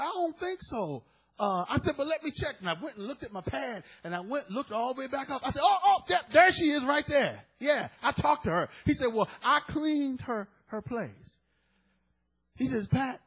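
A middle-aged man preaching a sermon, telling a story with animated quoted dialogue. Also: very high voice, breathy edge, rough recording.

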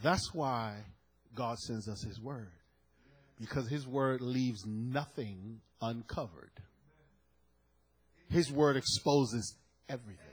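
A man preaching a sermon, moving between quiet, low asides and loud, shouted peaks. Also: slow pace, pauses often, breathy edge, low-quality recording.

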